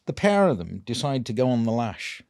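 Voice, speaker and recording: A man, a dental implant clinician telling a patient story in a casual, animated way, laughing often. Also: medium pitch, brisk, no echo, clean studio sound.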